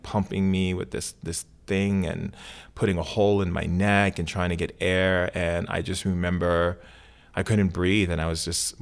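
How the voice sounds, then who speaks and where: Deep, flat-voiced man telling a story. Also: vocal fry. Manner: earnest, vivid retelling with many fillers and restarts. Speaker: shaman and author, guest. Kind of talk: personal storytelling in an interview.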